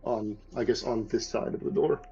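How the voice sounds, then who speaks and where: A man playing a tabletop game, brisk and matter-of-fact about the plan. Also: lowish voice, fairly even intonation, dark tone, highs cut off, a little hiss or hum. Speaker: player. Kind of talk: casual game chat.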